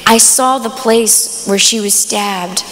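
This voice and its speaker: A woman's voice: mid-range voice, takes it slowly, fairly bright tone, a little hiss or hum. A woman giving an inspirational faith talk at a conference, telling a story in a casual way full of fillers. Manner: casual, lots of fillers like "kind of". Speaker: conference speaker. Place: large conference hall. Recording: long reverb of a big hall.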